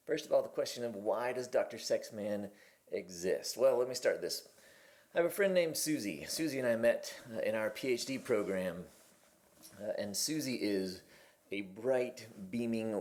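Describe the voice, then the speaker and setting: A fairly low-pitched, slightly mellow male voice belongs to a host in his forties talking to his channel's viewers from the kitchen table. He's conversational and candid, and he restarts his sentences along the way.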